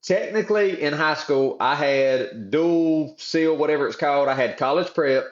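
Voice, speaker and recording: A South Georgia man in his forties, with a Southern drawl and fairly high voice, guests on a podcast at normal speed. He spins folksy stories full of drawling slang, and the audio is reverberant and lo-fi.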